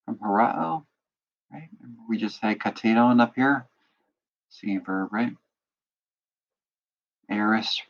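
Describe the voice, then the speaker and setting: A man's voice: fairly low pitch, muffled recording. A man teaching a lecture, explaining step by step and checking in with students by asking "right?" again and again. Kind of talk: recorded lecture walking through a text.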